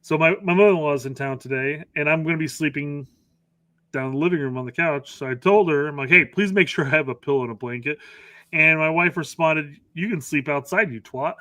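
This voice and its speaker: A middle-aged man co-hosting a casual soccer podcast, talking in an animated, profane way with joking asides. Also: on the high side, quick pace, no room sound. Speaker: podcast co-host.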